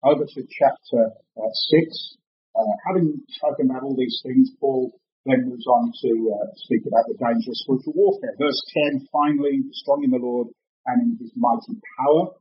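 A man's voice: mid-range voice, normal speed, a little hiss or hum. Distant earnest male preacher in a roomy hall. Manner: earnest, emphatic, frequent repetitions and restarts. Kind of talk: sermon. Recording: roomy, distant, dull mic.

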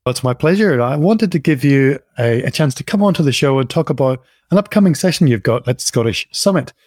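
A man's voice: medium pitch, expressive, fairly quick, a little mellow, no echo, clean studio sound. A man hosting a podcast, reading an upbeat intro and then chatting in a friendly, jokey way with his guest. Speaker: podcast host. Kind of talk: podcast intro and interview chat.

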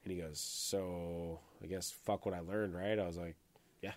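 A man's voice: deep voice, fairly even intonation, normal speed, a little mellow. A man co-hosting a podcast, telling rambling, profane stories in casual chat, full of fillers. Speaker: podcast co-host.

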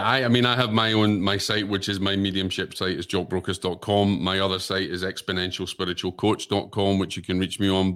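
A deep-voiced man who works as a spiritual medium, talking as a guest on a talk show. He speaks earnestly and often stumbles over repeated words. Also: fairly bright tone. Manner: earnest, repeats words while searching for them. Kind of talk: casual interview talk.

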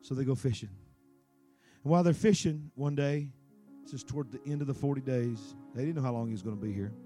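A man preaching a sermon, animated and emphatic, swinging between loud peaks and quiet asides. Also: mid-range voice, quick pace, soft background music.

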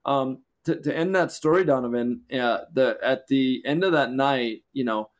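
A man co-hosting a podcast, telling a testimony story in conversation with animated, lively retelling. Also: mid-range voice, moderate pace. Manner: animated, excited retelling with acted quotes. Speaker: podcast co-host.

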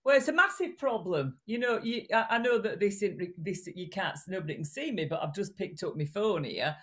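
A woman's voice: mid-range voice, brisk. Blunt, chatty woman with a regional British accent. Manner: animated, blunt, chatty with restarts. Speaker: guest, voice and communication coach. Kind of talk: casual remote interview.

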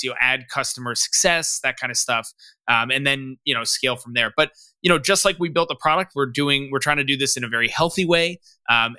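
A young man speaking as a podcast guest, his voice very bright and smooth against a dry, close sound. He talks candidly and loosely, with many "you know" fillers. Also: mid-range voice, no room sound. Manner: open, candid. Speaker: startup founder, guest. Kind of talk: casual podcast interview.

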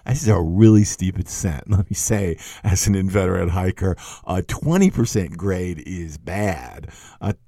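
A middle-aged man hosting a podcast, giving chatty, animated literary commentary and laughing often. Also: low-pitched, measured pace, dry recording, clean studio sound. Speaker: podcast host.

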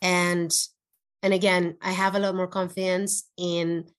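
A woman's voice: lowish voice, measured pace. Earnest woman telling her story animatedly. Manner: earnest, emotional personal storytelling; animated, with frequent restarts. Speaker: interview guest, entrepreneur. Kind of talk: conversational podcast interview.

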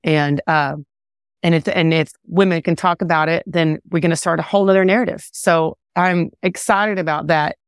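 A woman singer-songwriter talking casually in an interview, relaxed and rambling with many fillers and restarts. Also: fairly low pitch, moderate pace, smooth, no echo, studio quality. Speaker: country singer-songwriter guest.

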